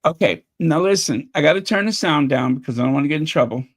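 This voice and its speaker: A man's voice: a little high, lively intonation, quick pace, background noise. A man hosting a channel, giving casual reaction commentary in a chatty, openly emotional way, often repeating himself, his voice a little strained. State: voice getting strained. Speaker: channel host reacting to video clips.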